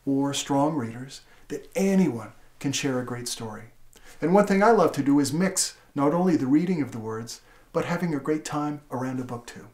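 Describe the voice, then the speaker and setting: A man demonstrating how to read a picture book aloud to a child, playful and animated, asking many questions and gasping and laughing in surprise. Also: on the high side. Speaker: literacy educator. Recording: roomy echo.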